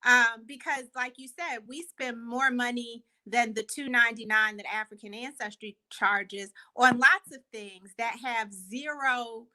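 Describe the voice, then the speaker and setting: Bright-voiced earnest woman on a call. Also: a little high, fairly even intonation, unhurried, hardly any pauses, rough recording. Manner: earnest, thoughtful, restarts phrases. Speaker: guest, company co-founder. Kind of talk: casual video chat interview.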